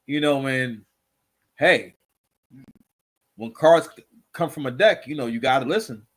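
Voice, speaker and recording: A man's voice: mid-range voice, measured pace, fairly bright tone. A man hosting a casual reaction commentary show, rambling and repeating himself with constant filler phrases.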